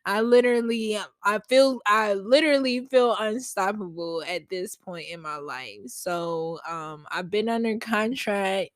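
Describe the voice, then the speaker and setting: A woman's voice: mid-range voice, measured pace, hardly any pauses, no room sound. A woman hosting a casual solo podcast from home on a podcast mic, chatty and slangy as she talks straight to her listeners. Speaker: podcast host. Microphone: podcast mic at a laptop.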